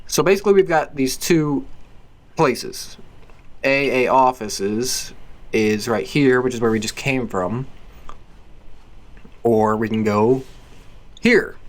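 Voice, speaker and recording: A man's voice: mid-range voice, unhurried, long pauses. A man hosting a let's play, chatting casually with self-deprecating asides. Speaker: gaming channel host. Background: soft game piano music.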